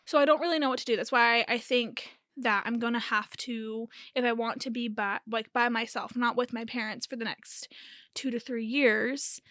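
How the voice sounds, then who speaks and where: A woman's voice: on the high side, bright, forceful tone, dry recording, clean studio sound. A young woman hosting a podcast, talking casually and hesitantly with many fillers. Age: young adult. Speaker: podcast host. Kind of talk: casual chat.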